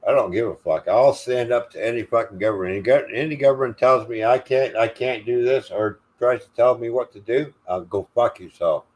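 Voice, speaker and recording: A man's voice: medium pitch, brisk, few pauses, a little mellow. An older man hosting a livestream, delivering an angry, profane, defiant rant. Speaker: livestream host.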